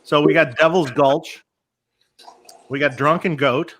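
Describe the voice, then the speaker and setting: A man's voice: fairly high pitch, fairly even intonation, unhurried, fairly bright tone. A middle-aged man co-hosting a casual chat, rambling and restarting his sentences often. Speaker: co-host.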